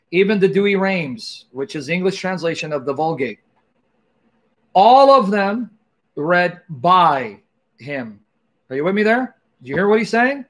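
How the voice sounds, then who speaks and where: High-pitched man, livestream host, emphatic, repeats words, talks to viewers. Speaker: Christian apologetics host. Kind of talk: commenting on a played video, livestream.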